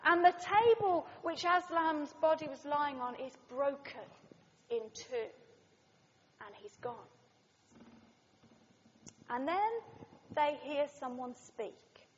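Brief: female preacher, high voice, dramatic storytelling sermon, dull lo-fi hall sound. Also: slow, pauses often, a little hiss or hum. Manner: dramatic storytelling, swinging from loud to hushed.

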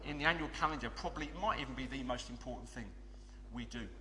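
A man's voice: medium pitch, fast talker, pushed and bright, a little hiss or hum. A man leading a church children's club and speaking earnestly to a congregation, with fillers and restarts. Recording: long reverb of a big hall.

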